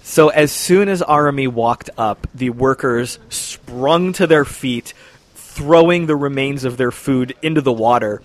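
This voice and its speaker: A man narrating a tabletop game as game master, measured and descriptive. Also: medium pitch, no room sound.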